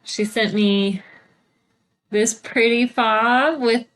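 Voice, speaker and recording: A woman's voice: a little high, fairly even intonation, very slow, a bit bright. A woman co-hosting a cross-stitch video podcast, chatting casually and showing off her craft supplies, with lots of fillers. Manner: chatty, bubbly, filler-heavy. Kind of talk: casual chat. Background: TV playing.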